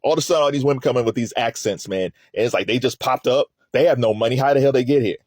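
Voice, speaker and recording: A man's voice: mid-range voice, racing, darkish tone, no room sound, studio quality. A man giving casual, rambling commentary on a court trial, laughing often and restarting his sentences.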